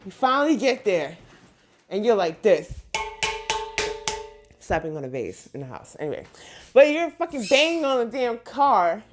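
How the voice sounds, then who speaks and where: A woman hosting a podcast, telling a comic story in an animated, profane, conversational way. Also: mid-range voice, normal speed, long pauses, faint music behind. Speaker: podcast host.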